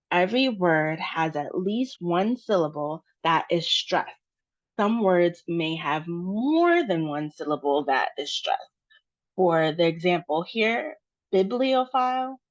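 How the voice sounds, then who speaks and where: American lady teaching pronunciation, slow and careful, kinda low voice, muffled audio. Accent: General American. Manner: patient, over-articulates example words.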